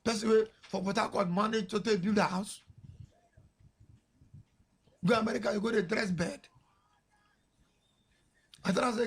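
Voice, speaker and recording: A man's voice: high voice, normal speed, pauses often, husky. A Nigerian man hosting a radio show, telling a story in a chatty way, mixing pidgin with English and laughing as he goes. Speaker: radio host. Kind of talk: casual storytelling on air. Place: radio studio. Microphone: studio mic.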